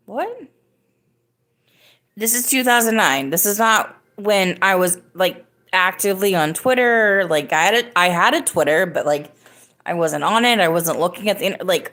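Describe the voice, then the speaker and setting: A woman's voice: mid-range voice, fairly bright tone. A woman in her thirties hosting a podcast, telling a story casually and rambling with many fillers and restarts. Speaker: podcast host.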